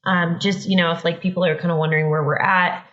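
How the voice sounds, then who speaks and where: A woman's voice: fairly low pitch, steady tone, fast, fairly bright tone, highs cut off. A woman, a marriage therapist co-hosting a podcast, chatting in a light, supportive way. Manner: light, supportive, with short interjections. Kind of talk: casual conversational chat.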